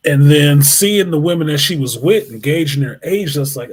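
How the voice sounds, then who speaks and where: A man hosting a live show, telling a long, profane story in an animated way. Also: fairly high pitch, moderate pace, few pauses, slightly rough. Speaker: host.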